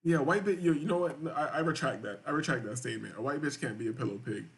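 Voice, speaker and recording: A man's voice: medium pitch, lively intonation, fast talker. A man hosting a live-stream show, reading viewer chats aloud and reacting in crude, rambling, repetitive casual talk.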